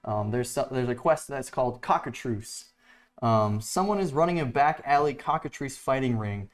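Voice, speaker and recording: A man's voice: medium pitch, expressive, normal speed. A man running a tabletop game as game master, describing scenes casually with lots of fillers. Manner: rambling, full of likes and ums.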